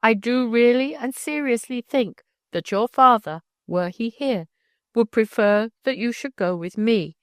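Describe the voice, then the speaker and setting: A woman reading the part of a kindly older man who gently and earnestly persuades a young girl. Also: on the high side, a little slow, no echo, studio quality, close to an everyday voice. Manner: warm, coaxing, persuasive.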